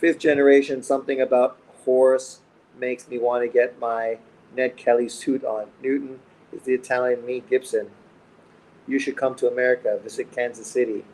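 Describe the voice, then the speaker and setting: Bantering with his viewers over a boxing livestream, this middle-aged Canadian host is blunt, joking, and nonstop profane as he reads the chat. He speaks in a mid-range, slightly mellow voice at a moderate pace with little pitch movement, and the streaming-mic recording is rough.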